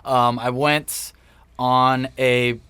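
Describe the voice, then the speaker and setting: Man, 30s, mid-pitched voice, dry close sound, casual reflective co-host. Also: flat delivery, very slow, pushed and bright, smooth, no echo. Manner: easygoing and reflective, with fillers and restarts. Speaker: podcast co-host. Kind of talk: casual podcast chat.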